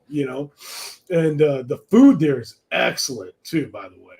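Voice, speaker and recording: A man co-hosting a casual podcast, his voice sitting a little high for a man. He wanders through his stories, trailing off and filling gaps with ums and uhs. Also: expressive, moderate pace, a little mellow. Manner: rambling, storytelling, many fillers. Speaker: podcast co-host. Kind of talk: casual chat.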